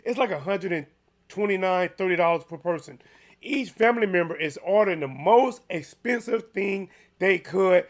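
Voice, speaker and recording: Animated chatty man, sports commentary. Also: sits high, normal speed. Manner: animated, chatty, with frequent restarts and fillers. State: slightly hoarse. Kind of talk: casual solo commentary.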